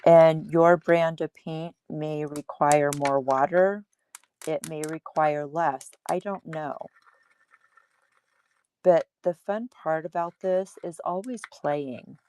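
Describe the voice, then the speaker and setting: A woman's voice: low-pitched, steady tone, slow, a little mellow, a little hiss or hum. A woman hosting a casual livestream craft demo at her table, chatty and laughing at herself.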